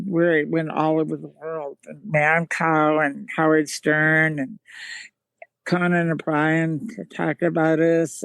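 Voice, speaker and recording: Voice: medium pitch, creaky, dry recording. A guest in a casual interview telling rambling anecdotes, with many restarts and laughs. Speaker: guest, magazine founder and band singer.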